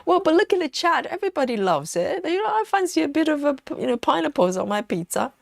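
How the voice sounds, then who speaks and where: A woman hosting a relaxed live stream from home, chatting with viewers and reading their comments aloud, with plenty of ums and you-knows. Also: sits high, quick pace, creaky, no room sound, studio quality. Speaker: livestream host. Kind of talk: casual live chat while stitching.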